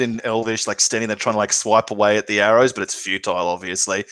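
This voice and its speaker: A man's voice: on the low side, flat delivery, fast, bright, forceful tone, dry recording. A man playing a tabletop game, dramatically describing his character in first person. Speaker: player.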